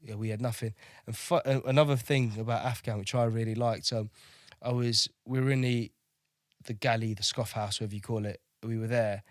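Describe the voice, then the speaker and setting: A man's voice: mid-range voice, fairly even intonation, fairly quick, no echo, studio quality. A man in his thirties, a navy veteran from Kosovo, telling war stories as a podcast guest in a chatty way, swearing freely and repeating words as he goes. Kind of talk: casual interview storytelling.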